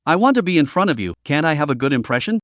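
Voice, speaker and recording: A man's voice: fairly high pitch, sing-song, very fast, a bit bright, no echo, clean studio sound. A man voicing a timid, tearful young woman who keeps pleading and apologizing.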